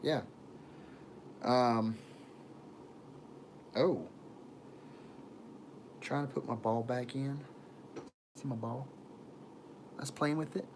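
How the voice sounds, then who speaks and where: A man's voice: mid-range voice, fairly even intonation, extremely slow, pauses often, slight background noise. Rambling man livestreaming from a phone. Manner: rambling, laughs often, trails off. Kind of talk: casual livestream chat. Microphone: phone camera.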